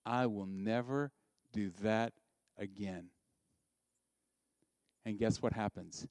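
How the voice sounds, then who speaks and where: A male pastor giving a sermon, animated and conversational, asking the listeners direct questions. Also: fairly low pitch, slow pace, no echo.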